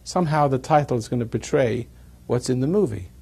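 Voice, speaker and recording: A man's voice: medium pitch, animated, brisk, creaky, darkish tone, breathy edge. A man giving a rambling talk to a live audience, chuckling at his own jokes as he tells stories. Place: evening gathering with an audience.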